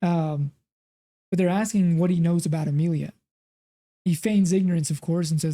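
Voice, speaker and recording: A man's voice: a little high, steady tone, moderate pace, long pauses, dark tone. A man co-hosting a film podcast, retelling scenes in a rambling, casual way with lots of fillers. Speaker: podcast co-host. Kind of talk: casual film review chat.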